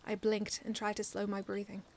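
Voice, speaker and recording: A woman reading her own first-person fan story aloud in an earnest, expressive way, often restarting lines. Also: medium pitch, brisk, vocal fry, slight background noise.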